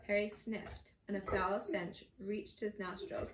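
A woman reads a novel aloud in a relaxed, casual storytelling manner, occasionally tripping on a word and correcting herself. Her pitch is mid-range. The recording sounds echoey with faint background noise. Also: a little slow. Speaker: reader. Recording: echoey room.

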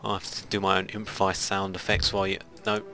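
This gaming host's voice is low, sharp, and monotone, and he talks fast. He rambles casually through a strategy game in let's-play style, muttering little asides to himself.

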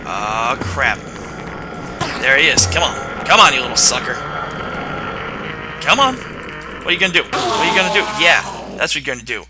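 A man's voice: medium pitch, expressive, moderate pace, pauses often, over loud music. A young man giving playful gameplay commentary and taunting the monsters on screen. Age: young adult. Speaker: gaming video host.

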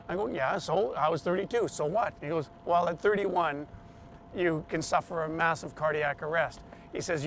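A man being interviewed, telling a personal story in an animated way and acting out the voices of the people he quotes. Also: high voice, a little hiss or hum.

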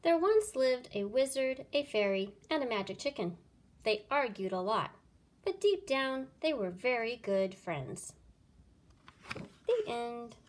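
A woman reading a children's picture book aloud, with an expressive sing-song delivery. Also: a little high, measured pace. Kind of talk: storybook read-aloud.

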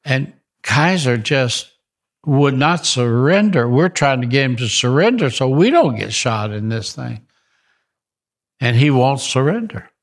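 An older man, a ministry founder, telling stories in an animated interview and repeating phrases for emphasis. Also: mid-range voice, a little slow. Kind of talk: storytelling interview.

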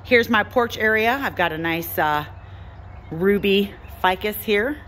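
A woman's voice: medium pitch, a little slow, slight background noise. A woman hosting a casual gardening vlog, walking through her home garden and porch and chatting about her plants. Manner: relaxed, chatty, lists plant names. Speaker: gardening channel host.

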